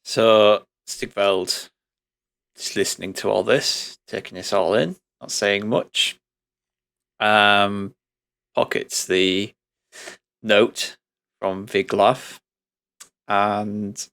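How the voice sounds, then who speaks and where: A man describing his character's actions in a tabletop game, slow and measured. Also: on the low side, fairly even intonation, vocal fry, fairly bright tone. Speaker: player.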